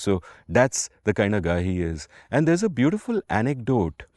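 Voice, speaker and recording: A low-voiced man with an Indian English accent rambles through a story in a relaxed podcast chat. He is animated and digressive, with the odd curse and Hindi aside. The sound is dry and close. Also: moderate pace, hardly any pauses, no echo. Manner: animated, digressive, swears casually, mixes in Hindi. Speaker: podcast co-host.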